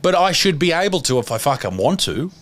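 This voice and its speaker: Australian man, podcast host, casual chat, animated pitch, swears freely. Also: a little fast, a little hiss or hum. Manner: lively, swearing, laughs easily.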